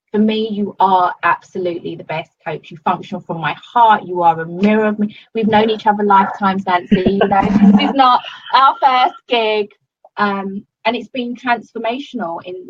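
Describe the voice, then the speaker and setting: A woman's voice: medium pitch, normal speed, muffled recording. A woman giving a casual testimonial to her coach, gushing and swearing often, with many fillers. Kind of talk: casual video-call testimonial.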